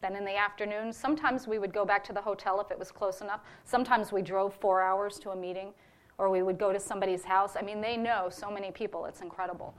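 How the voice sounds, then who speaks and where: A woman's voice: medium pitch, steady tone, fast. Woman, church member reporting on a ministry trip, heartfelt testimony delivery. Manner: earnest and heartfelt, with fillers. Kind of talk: personal testimony to a congregation.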